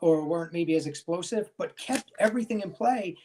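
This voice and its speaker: A man's voice: high voice, lively intonation, fairly quick, a little mellow, slight background noise. A man hosting a talk show in a chatty way, often saying "you know.". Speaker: show host.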